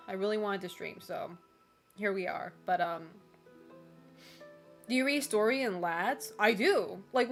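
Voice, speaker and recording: A woman with a slightly higher voice talking casually on her stream, leaning on "like" and "you know" and laughing often between remarks. Soft music plays low in the background. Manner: loose and chatty, full of "like" and "you know". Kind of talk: casual chat with a live chat.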